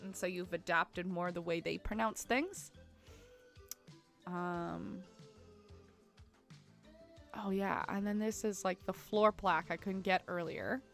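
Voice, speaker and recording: A woman's voice: mid-range voice, a bit bright. A young woman streaming, talking in a rambling, chatty way with many fillers. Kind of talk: casual live-stream chat while editing photos.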